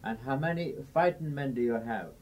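A man voicing a gruff Soviet leader in a joke, using a mock Russian accent and a taunting manner, at an informal house session. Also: medium pitch, brisk, darkish tone, a little hiss or hum, lightly acted.

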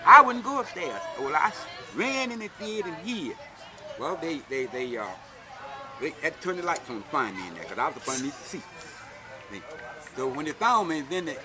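An older man, telling stories from his childhood in a folksy manner and often asking "see?". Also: on the high side. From Alabama, US. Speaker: interviewee. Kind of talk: oral history storytelling.

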